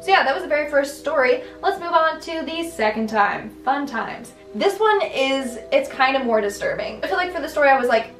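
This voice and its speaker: A young woman vlogger tells her stories in a loose, rambling way, stuffing them with "like" and restarts. Her voice sits a little high. She sounds set back from the mic in an echoey room, with faint music underneath. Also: fairly bright tone, distant mic. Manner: chatty, filler-heavy, lots of "like" and restarts. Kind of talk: casual storytelling.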